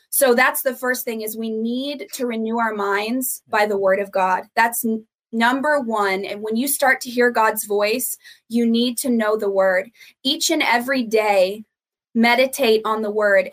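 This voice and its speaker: Earnest woman teaching on a podcast. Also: a little high. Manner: earnest, steady teaching with repeated emphasis. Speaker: ministry founder, guest.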